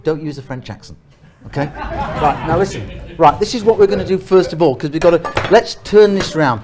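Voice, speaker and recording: A man's voice: on the high side, lively intonation, normal speed, a crowd in the background. A man hosting a live cooking segment, chatty and joking, fussing with a constant "hang on". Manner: fussy, joking, keeps saying "hang on". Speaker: cooking show host. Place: outdoor park cooking setup.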